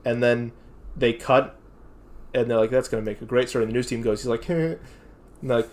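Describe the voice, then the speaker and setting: A man co-hosting a casual podcast, retelling comedy movie scenes and acting out the lines in loud put-on voices. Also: medium pitch, brisk. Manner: animated, acts out lines in shouted put-on voices. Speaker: podcast co-host.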